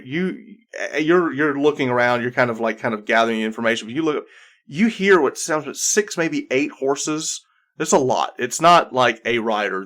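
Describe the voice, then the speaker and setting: A man's voice: mid-range voice, fairly bright tone. A man working as game master, narrating a tabletop game in descriptive second-person with many restarts.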